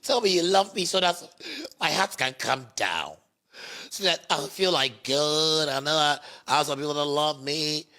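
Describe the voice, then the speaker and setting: A Ghanaian man with a gravelly voice puts on a melodramatic, self-pitying woman, whining in a sing-song and repeating his phrases. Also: fairly high pitch, normal speed, bright, forceful tone. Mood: mock pleading. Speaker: musician mocking a critic. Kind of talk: mocking impersonation monologue.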